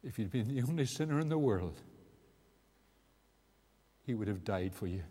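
A man's voice: lowish voice, animated, normal speed, warm tone, breathy edge. A man preaching an evangelistic sermon in a meeting house, earnest and building to emphatic peaks. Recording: long hall reverb.

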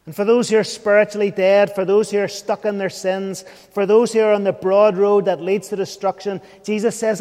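A man's voice: high voice, flat delivery, moderate pace, hardly any pauses, a little mellow, in a large hall. A man preaching an evening sermon, earnest and questioning, sometimes dropping to a near whisper.

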